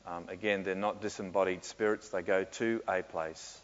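A man answering questions in a sermon, reflective and often pausing with fillers and soft laughs. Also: low voice, fairly even intonation. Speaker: pastor. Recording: muffled with long hall reverb.

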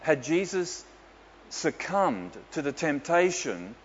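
A man's voice: fairly high pitch, very animated, slow, slight background noise. A man, a pastor telling stories with dry humour in a sermon. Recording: dull echoey hall with faint ambience.

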